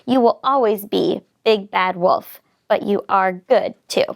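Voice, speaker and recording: A woman voicing a protective, fussy mother duck with a shrill, flustered way of calling. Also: unhurried, vocal fry.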